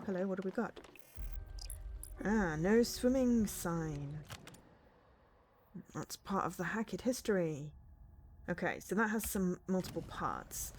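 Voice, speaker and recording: A woman streams a video game, chatting casually and thinking aloud as she reads out the game's text. Her voice sits a little low for a woman. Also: expressive, measured pace.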